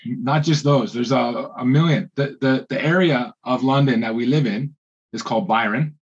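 Husky canadian guy, modest podcast guest, laughs at himself, muffled call audio. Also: medium pitch, moderate pace. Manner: modest, self-deprecating. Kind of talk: casual chat.

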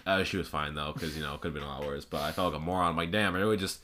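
A young man with a very low voice and a bright, forceful edge, chatting in a laid-back way on a podcast. He swears casually and laughs often. A faint hiss runs under the recording. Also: fairly even intonation, rapid-fire. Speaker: podcast co-host. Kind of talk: casual chat.

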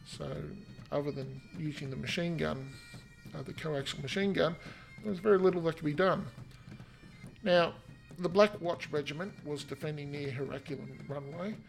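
Australian male history podcaster, gravelly, slightly high voice, chatty, faint music underneath. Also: fairly even intonation, moderate pace. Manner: chatty and self-deprecating, with asides and fillers. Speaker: podcast host.

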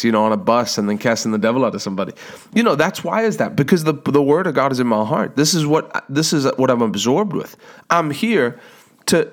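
A man preaching a sermon, reading scripture aloud and praying earnestly, slowing down to stress words. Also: mid-range voice.

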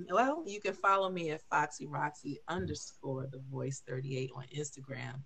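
A woman co-hosting a podcast, speaking in a sultry, drawn-out way. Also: low-pitched, fairly bright tone, husky, faint music behind. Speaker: podcast co-host. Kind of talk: casual chat.

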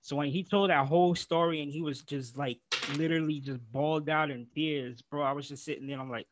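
A man's voice: on the high side, steady tone, fairly quick, few pauses. A man co-hosting a casual wrestling podcast, rambling and calling his friend "bro" as he retells his reactions. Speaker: podcast co-host.

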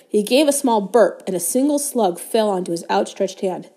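A woman reads a children's novel aloud with steady, even narration. Her voice sits at an ordinary middle pitch. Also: moderate pace, hardly any pauses. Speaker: guest reader.

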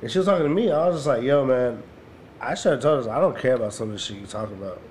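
A man co-hosting a casual podcast. He tells long, meandering stories in loose, profane slang, at a middle pitch. A faint hiss of background noise sits under his voice. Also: animated, rapid-fire, a little mellow. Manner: rambling storyteller, profane slang. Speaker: podcast co-host. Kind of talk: casual chat.

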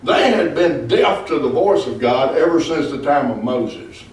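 A pastor leading a Bible study preaches emphatically, calling out for the group to answer "Amen?". His voice is a little high with lively intonation and a measured pace, recorded far from the mic in an echoey room.

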